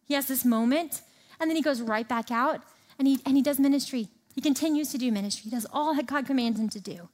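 A woman with a high voice preaching a sermon. She talks in a relaxed, conversational way, reads passages aloud, then retells them in plain everyday words. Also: fast. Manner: animated, conversational, reads scripture aloud and paraphrases it casually. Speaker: speaker teaching a Bible passage.

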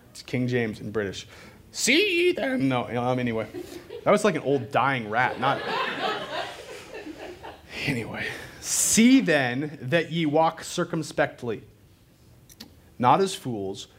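A man delivers a sermon in a relaxed, conversational way, weaving in casual fillers and jokes at his own expense. His voice sits at an ordinary middle pitch. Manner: conversational and loose, with fillers and self-deprecating asides. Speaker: preacher. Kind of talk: sermon to a live congregation.

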